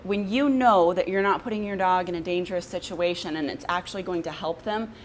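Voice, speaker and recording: In an instructional vlog, a woman dog trainer explains things calmly and plainly, then slips into a high, gushing voice when praising her dog. She talks briskly, with slight background noise.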